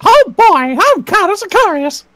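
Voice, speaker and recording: A man voicing a cheerful but menacing male warlord in a squeaky cartoon mouse voice during a comic livestream. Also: sing-song, moderate pace, heavy background noise. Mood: gleeful menace. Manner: giddy, high cartoon squeak with a threatening edge. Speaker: streamer.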